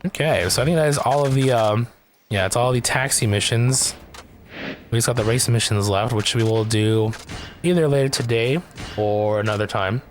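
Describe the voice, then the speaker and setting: A man's voice: medium pitch, moderate pace, a little hiss or hum. A man streaming a video game, chatting casually and rambling about his progress. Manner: relaxed, rambling.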